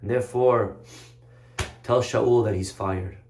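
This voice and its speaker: A man voicing an old prophet, a stern and patient man who speaks calmly and measuredly. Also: medium pitch, slow, gravelly, a little hiss or hum. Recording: roomy echoey room.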